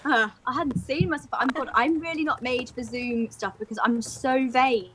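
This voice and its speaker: A woman's voice: high-pitched, normal speed, a bit bright, slight background noise. A young woman from the UK doing chatty, self-deprecating stand-up over a video call. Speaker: stand-up comedian. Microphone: video call, close to screen.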